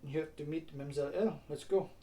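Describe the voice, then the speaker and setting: A man's voice: a little high, quick pace, dark tone, lightly acted. A man voicing a poised young French woman assistant with a put-on French accent and a light, teasing, composed manner. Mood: brisk.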